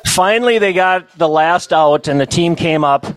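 A middle-aged man telling funny stories at a banquet, in a folksy, self-amused way with quick asides to the crowd. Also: a little high, dry recording, rough recording. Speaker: banquet storyteller and comedian. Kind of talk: humorous storytelling to a live audience.

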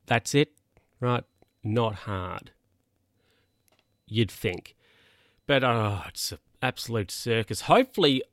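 A man's voice: medium pitch, a bit bright, no echo, clean studio sound. A man hosting a podcast, rambling casually and often correcting himself mid-sentence. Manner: rambling, self-correcting, chatty. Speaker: podcast host. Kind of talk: casual solo podcast monologue.

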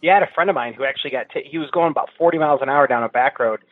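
A man chiming in quickly and with animation during a casual podcast chat. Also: medium pitch, no room sound. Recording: tinny phone-like line.

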